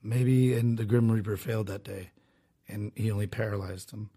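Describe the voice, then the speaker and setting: A man's voice: lowish voice, fairly even intonation, normal speed, warm tone, breathy edge. A man hosting a solo podcast, talking in a rambling, sarcastic way with many restarts and asides. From Southern California. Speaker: podcast host.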